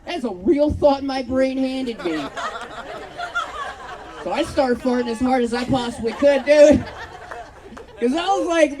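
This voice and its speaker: Stand-up comic, woman, high voice, rambling self-deprecating stories, live show. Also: unhurried, pauses often, dark tone. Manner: loose, self-mocking storytelling with acted-out quotes. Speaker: stand-up comedian. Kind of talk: stand-up set. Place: outdoor patio comedy show. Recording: live show with crowd faint. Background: audience laughter.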